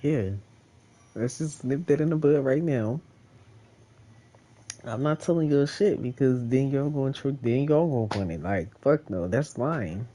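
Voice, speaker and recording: A vlogger rambles to the camera in a loose, unscripted monologue. The voice swings widely up and down in pitch. The speech is full of swearing and breaks into laughter again and again. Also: lively intonation, measured pace, warm tone. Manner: profane, rambling, laughs often.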